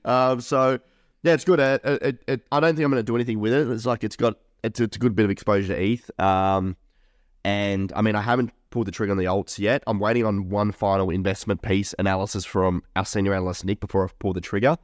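Laid-back man, low voice. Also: fairly even intonation, quick pace, no room sound, clean studio sound. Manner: laid-back, swears casually, laughs often. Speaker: podcast co-host. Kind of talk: casual podcast chat.

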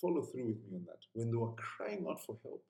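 A man preaching a sermon in an earnest, conversational way, at times sinking to a hushed whisper. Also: mid-range voice, very animated, brisk, reverberant, rough recording.

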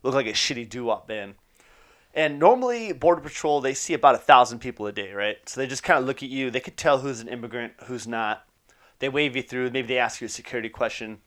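Guy rattling off a wild story, quick and loose, swears a lot, says "you know" constantly, mid-range voice. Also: medium pitch, fairly bright tone. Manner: quick, loose and profane, with fillers and laughs. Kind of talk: personal anecdote, casual storytelling.

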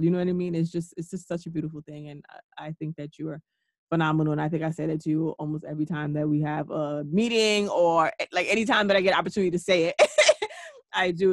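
A woman's voice: lowish voice, dry recording, clean studio sound. A woman with a New York accent hosts a podcast, talking in an effusive, admiring way and laughing often. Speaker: podcast host. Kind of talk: conversational interview.

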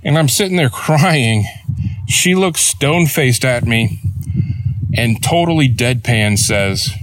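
A man's voice: mid-range voice, animated, slow pace, dry recording. A man hosting a solo podcast, telling a story in a rambling, profane, self-mocking way, tired after an early start. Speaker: podcast host. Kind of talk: casual solo podcast monologue.

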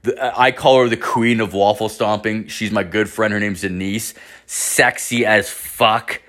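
A man's voice: lowish voice, steady tone, measured pace, fairly bright tone. A man hosting a podcast, telling rambling stories in casual, profane slang. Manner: rambling, swears constantly, slangy. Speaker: podcast host.

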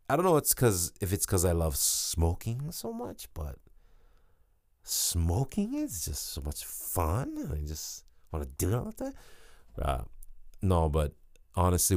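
A man's voice: sits low, darkish tone, no echo, studio quality. A young man hosting a podcast, rambling and joking with lots of swearing, tired and giddy. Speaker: podcast host. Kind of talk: casual solo podcast chat.

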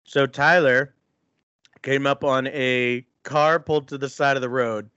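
A man's voice: mid-range voice, fairly even intonation, unhurried, sharp tone, smooth, no room sound, muffled recording. A man co-hosting a podcast, chatting in an easygoing, chuckling way. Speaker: podcast co-host. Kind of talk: casual podcast chat.

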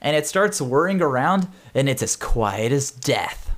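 A man's voice: mid-range voice, animated, a little slow, a bit bright. A man narrating as game master in a tabletop game, playful and often laughing.

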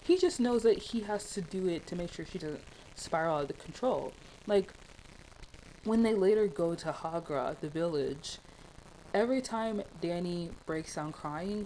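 A woman's voice: lowish voice, dark tone, a little hiss or hum, poor audio. A young woman talking through a film in casual, passionate commentary, rambling with many fillers.

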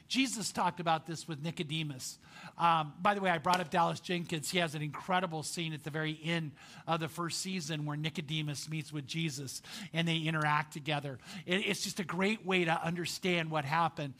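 Pastor, male, high bright voice, animated chatty sermon delivery. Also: brisk. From Southern California. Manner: animated, chatty, asks the congregation questions.

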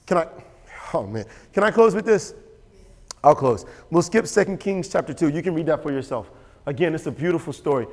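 A male pastor delivering a sermon with a fairly high voice. He is emphatic and repetitive, hammering his points home and asking the congregation for agreement. His voice rings out with the long reverb of a large hall. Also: lively intonation, brisk. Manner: emphatic and repetitive, asks the audience for assent.

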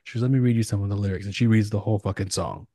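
A low-pitched man chatting loosely on a podcast, spinning long stories in slangy, profane talk. His voice sits close and dry on the mic, with little room sound. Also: rapid-fire, mellow, no room sound. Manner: rambling storytelling, heavy slang and swearing. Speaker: podcast host. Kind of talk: casual chat.

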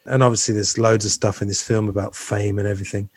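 A man's voice: on the low side, flat delivery, fast, darkish tone, breathy edge, no room sound, studio quality. A man hosting a casual film discussion, talking loosely with many fillers and restarts. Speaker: podcast host.

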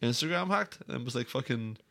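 A man's voice: mid-range voice, a little fast, creaky. A man with a Northern Irish accent, telling stories with acted-out quotes and plenty of swearing in casual podcast chat. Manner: animated storyteller, acts out quotes, swears freely. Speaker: podcast co-host.

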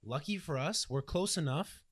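A man's voice: on the high side, expressive, normal speed, breathy edge. A young man from Canada co-hosting a casual podcast, ranting with lots of swearing and mock voices. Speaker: podcast co-host. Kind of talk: casual chat.

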